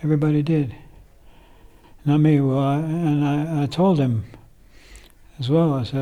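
A man's voice: medium pitch, little pitch movement, moderate pace, darkish tone. An older man, a songwriter, reflecting at length in a casual interview, rambling with fillers. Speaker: songwriter guest.

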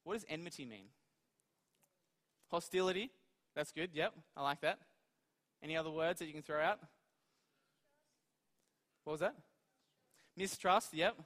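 A man's voice: on the high side, a little slow, long pauses, a bit bright. A man preaching a conversational sermon in a church hall, talking informally and putting questions to his audience. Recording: long hall reverb.

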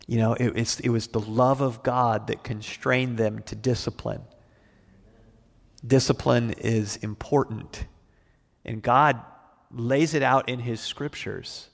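Slow-talking pastor man, chuckling often. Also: medium pitch, fairly even intonation, vocal fry, long reverb tail. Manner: folksy storytelling with frequent chuckles. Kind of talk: verse-by-verse Bible teaching.

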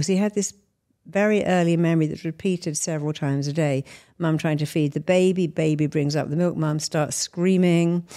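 A woman's voice: on the low side, mellow. A middle-aged woman therapist answering interview questions, explaining her method through examples and analogies. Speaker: therapist and hypnotist guest.

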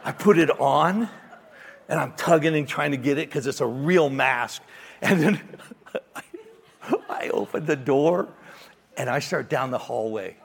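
A middle-aged man, a pastor, telling a lively personal story in a sermon and acting out the voices. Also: medium pitch, vocal fry, slightly rough, in a large hall. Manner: animated storyteller, acts out voices, ends in quiet prayer.

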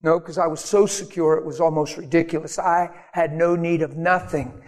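A man preaching a sermon, telling a personal story with animated acted-out quotes. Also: a little high, moderate pace. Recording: long hall reverb.

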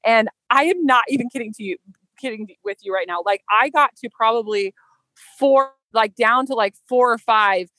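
Casting: American woman, higher voice, heartfelt, chatty, dry close sound. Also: normal speed, bright, forceful tone, no room sound, poor audio. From United States. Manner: emotional, heartfelt, many fillers. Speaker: podcast guest. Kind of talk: casual storytelling.

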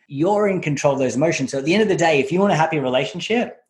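A man's voice: on the high side, lively intonation, rapid-fire. A man co-hosting a podcast, explaining his views in an earnest way. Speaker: podcast co-host. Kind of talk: casual podcast chat.

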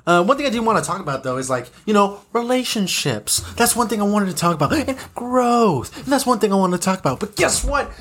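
A man's voice: high-pitched, big pitch swings, a little fast, hardly any pauses, a bit bright. A young man hosting a solo podcast episode, ranting in an agitated, profane, repetitive way, full of "you know"s. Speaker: podcast host.

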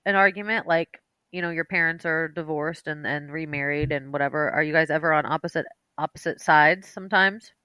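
Young female co-host, teasing and curious, bright voice, dry recording. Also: low voice, a little fast, dry recording. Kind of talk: casual chat.

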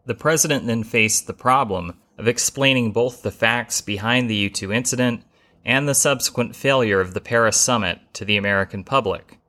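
A man hosting a history podcast, reading a scripted narration in a measured way, with the odd wry aside. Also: medium pitch, pushed and bright.

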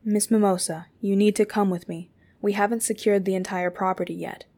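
A composed male agent in a storybook, polite and formal, with measured speech, read by a woman in her own gravelly voice. His tone stays even and reassuring. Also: medium pitch, close to an everyday voice. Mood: calm.

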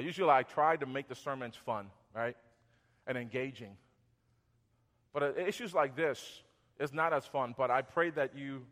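A man in his thirties or forties preaching a sermon as pastor, conversational, repeating words and going soft when acting out apologies. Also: mid-range voice, big-room sound.

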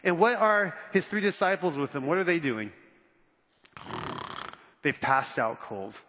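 High, bright-voiced man preaching. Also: measured pace, long reverb tail, slight background noise. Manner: animated, conversational, acts out quotes. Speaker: pastor. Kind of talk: sermon.

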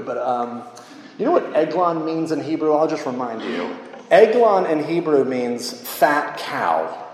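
A man preaching a sermon as a pastor, in an animated, humorous and conversational way. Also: fairly high pitch. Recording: echoey hall reverb.

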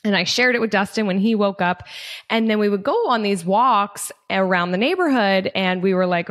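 A woman in her thirties hosting a podcast, telling a personal story in casual chat, full of fillers and lively when she quotes herself. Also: mid-range voice, normal speed. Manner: chatty, heavy on fillers like "like" and "um"; animated when quoting herself. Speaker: podcast host.

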